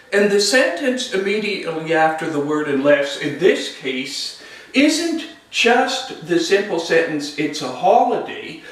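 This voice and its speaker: A man with a fairly high voice explains step by step, his pitch swinging up and down as he stresses words. He speaks unhurriedly. The sound is very echoey, picked up from well away from the mic. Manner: slow, deliberate, lively rising and falling intonation. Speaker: logic instructor. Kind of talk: recorded lecture. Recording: echoey room, voice far from mic.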